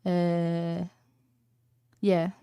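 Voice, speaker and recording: A woman's voice: lowish voice, completely flat delivery, extremely slow, warm tone, clear, resonant tone, no room sound, clean studio sound. A young woman from Sweden, chatting casually and rambling to her stream audience with lots of fillers.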